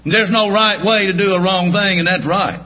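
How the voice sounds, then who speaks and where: A man preaching a sermon, telling homespun stories and repeating his points slowly for emphasis. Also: sits high, pushed and bright, a little hiss or hum. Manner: folksy, homespun storytelling with slow emphatic repetition. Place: church. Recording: echoey church room.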